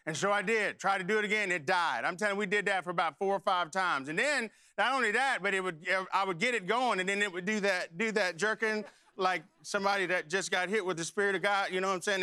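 A man's voice: sits high, fast, hardly any pauses, sharp tone, clean tone. A middle-aged man preaching a sermon, telling a folksy personal story and then leading prayer. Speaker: pastor.

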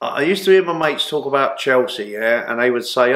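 A man, a guest in an interview, telling long animated anecdotes full of restarts and fillers. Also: mid-range voice, a little fast. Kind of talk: casual storytelling interview. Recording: roomy echo.

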